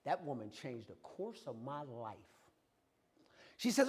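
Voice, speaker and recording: A man giving a lively, conversational motivational talk about his own life, acting out bits of dialogue as he goes. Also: mid-range voice, unhurried, long pauses, husky, big-room sound. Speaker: guest speaker. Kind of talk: motivational personal storytelling talk. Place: campus event hall.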